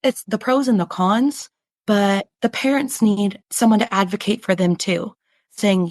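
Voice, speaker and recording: A woman's voice: medium pitch, unhurried, dry recording. A woman who teaches special education, talking earnestly and chattily as a podcast guest and acting out what parents and students say. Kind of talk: casual conversational interview.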